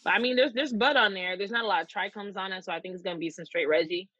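A man in a relaxed, mellow casual chat with friends. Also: high-pitched, racing, no echo, lo-fi sound. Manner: relaxed, mellow stoner talk. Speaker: podcast co-host.

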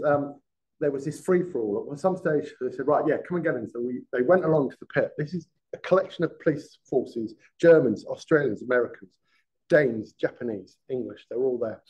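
A former police detective giving a conversational masterclass to a live audience, often quizzing them with questions. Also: male voice, medium pitch, a little mellow. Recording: dull lo-fi sound.

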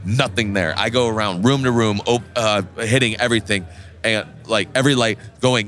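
A man's voice: fairly low pitch, fairly quick. A man hosting a podcast interview at a trade show, talking loosely and casually with plenty of fillers. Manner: relaxed and loose, with many fillers and restarts. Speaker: podcast host. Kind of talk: casual interview chat and storytelling.

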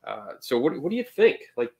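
A man's voice: medium pitch, big pitch swings, brisk, vocal fry, dark tone. A man with a Philadelphia accent hosting a casual live-stream chat, joking and rambling with many restarts. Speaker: host.

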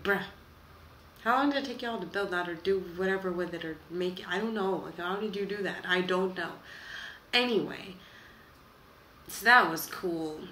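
Exasperated young woman, bright gravelly voice. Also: medium pitch. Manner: dramatic, exasperated, trails off and restarts. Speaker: reaction vlogger. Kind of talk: casual reaction chat to camera. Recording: echoey room with faint background noise.

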